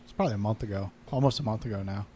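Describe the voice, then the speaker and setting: A man's voice: on the low side, very fast, dark tone, a little hiss or hum. A man from New York co-hosting a podcast, easygoing, acting out what people said to him. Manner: easygoing, acts out quotes. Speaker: podcast co-host. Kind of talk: casual podcast chat.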